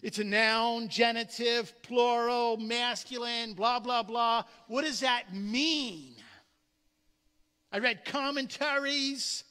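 A male pastor preaching a sermon in an animated way, often repeating his words as he goes. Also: extremely high pitch, takes it slowly, clean tone. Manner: animated preaching with frequent word repetitions. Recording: long reverb of a large hall.

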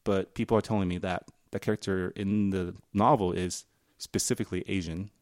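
Low-voiced man rambling with many ums. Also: fairly even intonation, darkish tone, no room sound, studio quality. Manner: rambling, halting, lots of ums and laughs. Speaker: podcast co-host. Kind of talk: casual chat.

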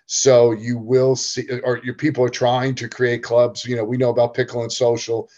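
A tennis coach talks through his thoughts on a casual podcast, often restarting sentences. His voice is at a medium pitch for a man. The recording sounds a little dull and lo-fi. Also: monotone, normal speed, a little mellow. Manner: thoughtful, explanatory, with frequent restarts. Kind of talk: casual chat.

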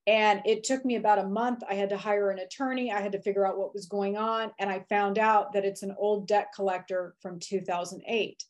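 A woman's voice: medium pitch, fairly even intonation, fairly quick, hardly any pauses. A woman in her late forties, a podcast guest, candidly telling stories and acting out her own thoughts. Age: 40s. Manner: candid storyteller, acts out her own inner voice. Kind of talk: casual interview chat.

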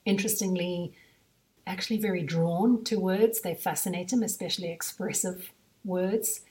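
Chatty South African woman, low voice. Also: normal speed, dark tone, distant mic. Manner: chatty, thinks aloud with frequent asides. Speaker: podcast host and mother. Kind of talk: casual podcast monologue.

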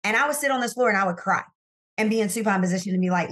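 Animated woman telling her story. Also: mid-range voice, racing. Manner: animated, emphatic storyteller who addresses listeners directly. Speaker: sales coach and guest. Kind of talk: candid faith-based interview storytelling. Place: her home office.

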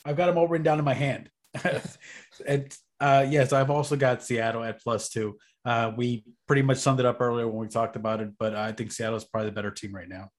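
A man's voice: medium pitch, level tone, a little fast. A man co-hosting a casual sports betting chat, laid-back and rambling as he explains his reasoning. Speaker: podcast co-host.

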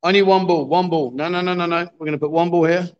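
A middle-aged man runs a live stream from a bar, coaxing the players and teasing them in a chatty, joking way. His voice sits fairly high for a man. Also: fairly even intonation, fast talker, muffled recording. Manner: jokey, coaxing, chatty with viewers. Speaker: livestream host. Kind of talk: live-streamed pool game commentary. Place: bar with a pool table.

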